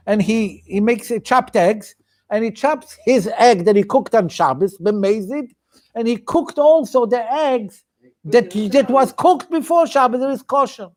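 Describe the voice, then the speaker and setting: A man's voice: very high-pitched, expressive, a little slow, a little mellow. A man with a Yiddish-inflected English accent, a rabbi teaching a weekly study class in a chanting cadence, often restarting his sentences. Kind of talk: Talmudic study lecture.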